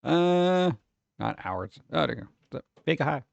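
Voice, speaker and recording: Wisecracking man with a lively voice. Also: a little high, measured pace, vocal fry, no echo, dull audio. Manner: wisecracking, sarcastic asides. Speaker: streamer host. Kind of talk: casual live-stream chat.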